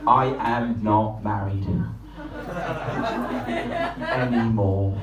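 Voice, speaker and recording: A man from Portsmouth, doing a brash, sweary, self-mocking stand-up set at a live comedy night. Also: medium pitch. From Portsmouth, England. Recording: echoey live room, distant mic, noisy crowd.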